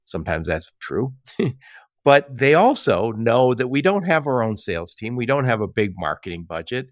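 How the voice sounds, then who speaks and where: A man's voice: mid-range voice, big pitch swings, normal speed, no room sound, clean studio sound. A man hosting a casual podcast conversation, telling stories and acting out quoted exchanges with frequent laughs. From Michigan. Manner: chatty storyteller, acts out quoted exchanges, laughs often. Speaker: podcast host.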